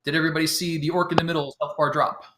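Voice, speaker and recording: A man with a slightly high voice runs a tabletop game from home over voice chat. He talks in a loose, relaxed way, full of fillers, and often chuckles as he explains the rules to his players. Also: rapid-fire, noisy background. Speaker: game master.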